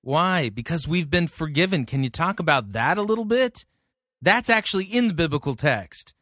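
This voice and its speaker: A man picks apart a sermon, reading scripture carefully and then breaking in with sarcastic, exasperated comments. His voice is slightly high and recorded dry and close, with no room sound. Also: expressive, normal speed, fairly bright tone, no room sound. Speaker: sermon reviewer, host. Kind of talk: critical commentary.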